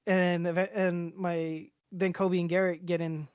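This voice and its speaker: A man's voice: high-pitched, level tone, unhurried, clean tone, no echo. Young man telling a rambling story. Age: young adult. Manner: rambling, profane, acts out quoted voices. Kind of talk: casual storytelling.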